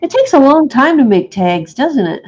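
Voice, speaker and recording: A woman's voice: high-pitched, sing-song, moderate pace, a little mellow, highs cut off, slight background noise. A woman co-hosting a crafting session, chatting casually and chuckling between remarks. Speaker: crafting co-host. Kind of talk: casual chat while crafting.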